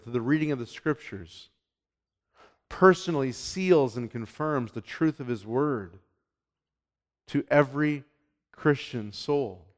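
A pastor with a mid-range voice preaches a sermon emphatically, swinging between hushed lines and loud, urgent ones.

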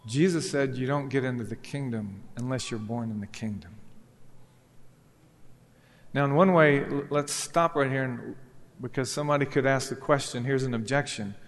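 A man's voice: medium pitch, normal speed. A male pastor preaching a sermon, telling a parable and voicing its characters as he goes. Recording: long reverb of a church hall.

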